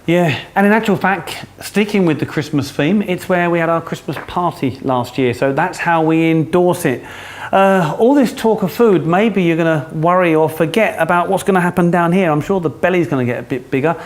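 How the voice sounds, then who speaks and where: Upbeat male co-host, a touch high, casual and jokey. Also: moderate pace. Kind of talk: casual chat.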